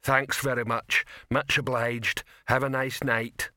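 A man voicing an enormous, clumsy male troll who speaks slowly, earnest and mournful, in an audiobook reading. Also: mid-range voice, fairly even intonation, bright, forceful tone, no echo, clean studio sound, heavily acted.

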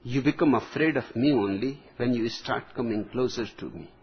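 A man giving a spiritual discourse as a teacher, speaking slowly and deliberately with long pauses. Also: mid-range voice, husky. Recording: dull lo-fi recording.

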